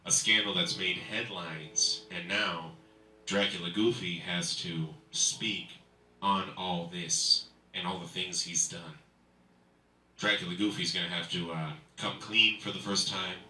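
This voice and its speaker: A man hosting a live comedy show, working the crowd with loud, energetic emcee banter and stand-up. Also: low-pitched, measured pace. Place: live comedy venue, indoors. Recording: echoey room, mic from far off.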